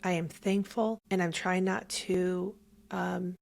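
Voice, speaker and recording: A young woman speaks as a guest, telling her faith story in an earnest, emotional way. Her voice sits fairly low and has a gravelly, creaky texture. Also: steady tone, takes it slowly. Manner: earnest, emotional, near tears at times. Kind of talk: heartfelt faith testimony.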